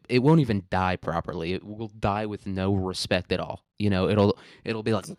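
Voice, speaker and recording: Young guy ranting at home, swears a ton, laughs a lot, lowish voice, clean and dry sound. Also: a little mellow, clear, resonant tone, no echo. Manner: profane, rambling, laughs often. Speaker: podcast host. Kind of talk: casual ranting monologue.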